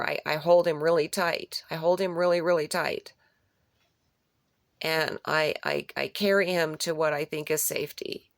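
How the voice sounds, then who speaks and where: Low, gravelly woman for an unscripted dream-retelling vlog; rambling delivery that repeats key phrases, dry close sound. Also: no room sound. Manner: rambling, with restarts and searching for words. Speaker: vlogger recounting a dream.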